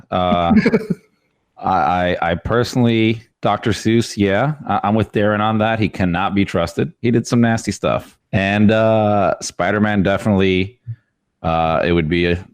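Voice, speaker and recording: Low-voiced man, halting and jokey. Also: dry recording, studio quality. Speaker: podcast co-host. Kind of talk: casual chat.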